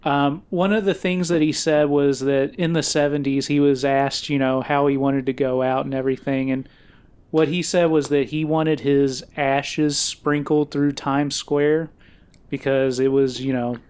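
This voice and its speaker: A man's voice: mid-range voice, flat delivery, a little slow, a little mellow, clear, resonant tone. A man co-hosting a podcast, chatty and telling stories, laughing often. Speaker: podcast co-host. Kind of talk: casual chat.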